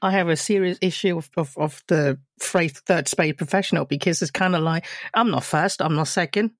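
A woman guest on a podcast, telling stories in an animated, self-deprecating way with frequent laughter. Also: on the low side, a little fast, dry recording, clean studio sound. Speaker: podcast guest, education professional. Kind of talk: casual podcast discussion.

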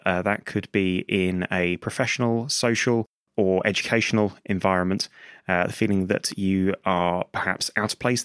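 Low measured man hosting a podcast. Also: dry recording, clean studio sound. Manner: measured, steers the talk, fills pauses with uh. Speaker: podcast host. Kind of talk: casual podcast discussion.

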